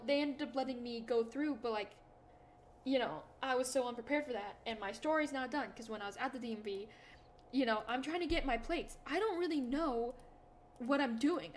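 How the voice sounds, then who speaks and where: Young woman, casual vlog chat, slightly high-pitched, rambling and self-deprecating, faint hiss behind. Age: young adult. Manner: rambling, self-deprecating storytelling with many fillers and restarts. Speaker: YouTuber.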